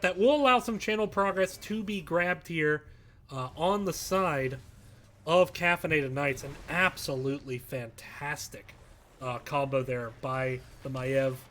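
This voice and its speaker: A high-pitched esports caster gives live play-by-play commentary on a match, staying calm between plays and shouting with excitement during big fights.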